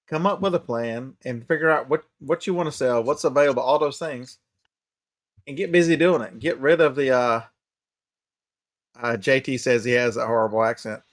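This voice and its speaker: A man's voice: mid-range voice, normal speed, dry recording, clean studio sound. A man with a Southern American accent, chatting casually and emphatically on a live stream, often repeating himself for emphasis.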